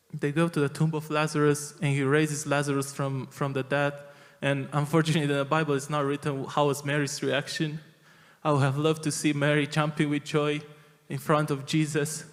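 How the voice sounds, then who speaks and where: A man's voice: a little high, long reverb tail. A man preaching a sermon in a church, earnest and emphatic, often restarting his phrases. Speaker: pastor. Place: large church hall.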